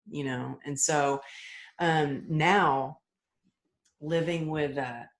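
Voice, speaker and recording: Earnest middle-aged woman with a gravelly edge. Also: sits low, steady tone, extremely slow, long pauses. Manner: earnest and open, with frequent restarts and acted-out quotes. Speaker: podcast guest. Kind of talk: candid conversational storytelling.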